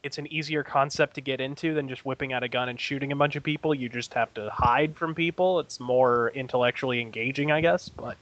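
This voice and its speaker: A man's voice: mid-range voice, fairly quick, hardly any pauses, a bit bright, dry recording. Wry man on dull lo-fi audio. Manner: wry, chuckling mid-sentence, a bit grandiloquent. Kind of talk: casual chat.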